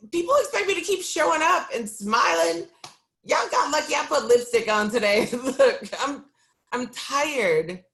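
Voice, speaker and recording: A woman city council member speaking on a video call, exhausted and candid, halting with ums and breaking into short laughs as she speaks from the heart. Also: medium pitch, fairly bright tone.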